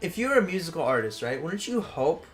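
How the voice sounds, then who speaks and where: A man's voice: on the high side, very animated, a little fast, soft background music. A young man hosting a let's play, telling rambling stories full of fillers while he plays. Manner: rambling, filler-heavy storytelling. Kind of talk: casual gaming chat. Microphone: close desk mic.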